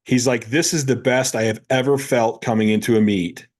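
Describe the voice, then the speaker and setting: On a casual podcast, a powerlifting coach in his fifties speaks at a normal pace with a typical male pitch. He's an animated storyteller who energetically performs both sides of the conversations he describes.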